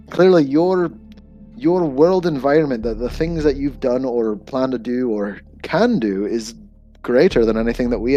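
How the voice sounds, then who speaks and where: A man at a mid-pitched level chats as a player in a tabletop game. He rambles, loose and easygoing. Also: darkish tone. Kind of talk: casual tabletop play.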